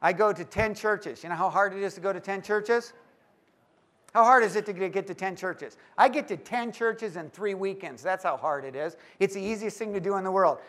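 High-voiced man joking with a crowd. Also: fairly quick. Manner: lively and joking, teases the audience. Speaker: speaker at a church leaders' conference. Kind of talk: live talk to an audience.

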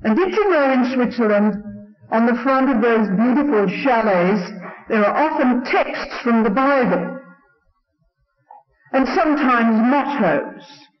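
A man's voice: extremely high pitch, animated, measured pace, faint music behind. A man with an English accent, a Salvation Army preacher telling stories earnestly in a sermon, in a roomy, dull old recording. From England. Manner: storytelling, earnest.

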